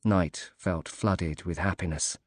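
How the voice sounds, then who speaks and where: A man narrating an audiobook in a calm, measured reading. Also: deep voice, dry recording, clean studio sound.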